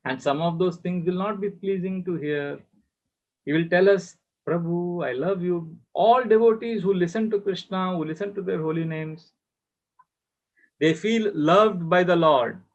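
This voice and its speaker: A man's voice: high-pitched, moderate pace. A man giving a devotional class over a video call, telling a story and acting out the voices in it. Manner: storytelling, acts out quoted voices. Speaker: spiritual teacher. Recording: muffled video-call audio.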